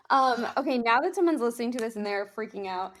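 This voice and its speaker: A woman's voice: fairly high pitch, animated, brisk. A woman hosting a podcast interview, chatty and full of exclamations. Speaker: podcast host.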